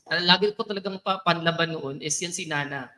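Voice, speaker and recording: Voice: medium pitch, quick pace, pushed and bright, low-quality recording. A young adult Filipino speaker giving a chatty, playful talk at a student orientation, laughing often. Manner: chatty, playful, mixes English and local phrases, laughs often.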